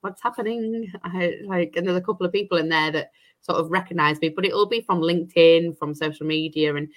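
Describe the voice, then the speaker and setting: A woman's voice: lowish voice, fairly even intonation, brisk. A woman, an estate agent, chatting as an interview guest, rambling with many restarts and fillers. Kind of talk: casual interview chat.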